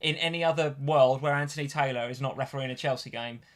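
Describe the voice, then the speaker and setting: A man co-hosting a live podcast, chatting and laughing as he retells moments from a match. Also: medium pitch. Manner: animated, quick to laugh, mimics shouting. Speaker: podcast co-host. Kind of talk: casual chat.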